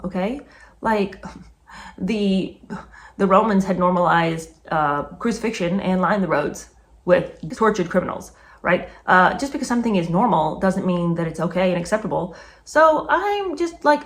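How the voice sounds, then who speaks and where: A woman reading passages from a book aloud and breaking off into animated, disgusted comments of her own. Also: on the low side, fairly quick. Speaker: book reviewer.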